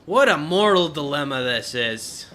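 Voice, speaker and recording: A young man narrates his playthrough in a bright, forward voice, thinking aloud as he weighs each choice. He gets emotional and sometimes jumps into high exclaims. A faint hiss sits under the recording. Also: animated, unhurried. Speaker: let's play commentator. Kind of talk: gameplay commentary.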